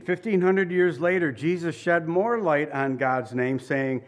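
A man preaching a sermon with emphatic repetition and light asides, now and then chuckling. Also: unhurried. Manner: emphatic, repeats phrases, shifts pitch for quoted lines.

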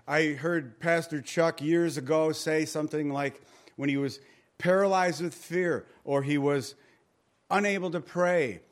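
Conversational preacher, higher-pitched man. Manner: conversational preaching with rhetorical questions. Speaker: pastor. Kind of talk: sermon.

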